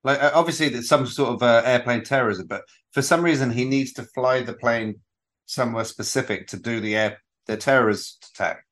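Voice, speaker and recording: A man's voice: mid-range voice, brisk, fairly bright tone. A man co-hosting a casual film podcast, rambling and restarting his sentences, often laughing along. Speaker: podcast co-host.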